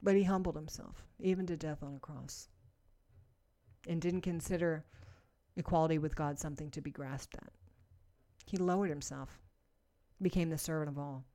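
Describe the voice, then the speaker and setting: A woman preaching a sermon, earnest and emphatic, moving between soft, slow passages and louder, forceful ones. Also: deep voice, steady tone.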